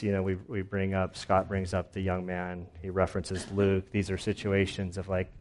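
A man's voice: sits low, completely flat delivery, normal speed, few pauses, a little mellow. Casual, chatty man preaching a sermon. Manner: casual, conversational preaching with many fillers and acted-out quotes. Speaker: pastor.

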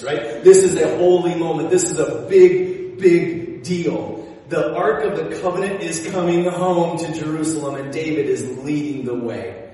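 A male pastor preaching a sermon, telling stories with animated energy and dropping into quiet emphasis. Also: on the high side. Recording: echoey hall from far off.

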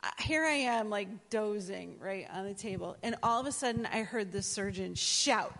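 A woman sharing a testimony at church, telling the story in a lively way and acting out other people's voices. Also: medium pitch, normal speed, in a large hall.

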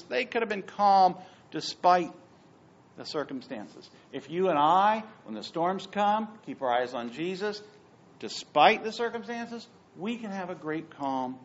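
A man's voice: on the high side, a little slow. Middle-aged guy pastor giving a sermon, swoopy voice, kinda muffled audio. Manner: animated storytelling with asides. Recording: dull lo-fi sound.

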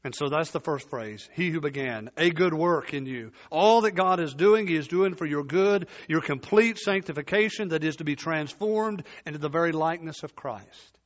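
A man preaching a sermon, emphatic and repeating key phrases, his voice sinking low at the ends of points. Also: normal speed, hardly any pauses, lo-fi sound.

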